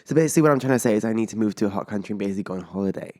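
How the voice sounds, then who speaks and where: A man's voice: lowish voice, very fast. Dramatic, rambling young man. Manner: animated, dramatic storytelling with lots of "like" fillers; rambling, self-mocking, swears freely. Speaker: podcast host. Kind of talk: casual solo podcast chat.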